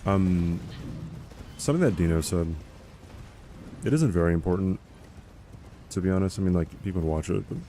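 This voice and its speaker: A man's voice: low-pitched, normal speed, long pauses, warm tone, a little hiss or hum. Laid-back male streamer chatting while playing. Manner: chatty, rambling, answers chat questions. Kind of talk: casual live-stream chat while playing.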